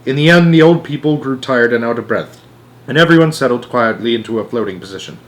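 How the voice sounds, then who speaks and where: A man reading a children's storybook aloud. His voice has a medium pitch, and he narrates with expressive, animated delivery. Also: fast talker.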